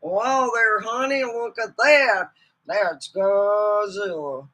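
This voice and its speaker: A woman putting on the slow, folksy drawl of a cowboy man from an old Western. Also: medium pitch, fairly bright tone.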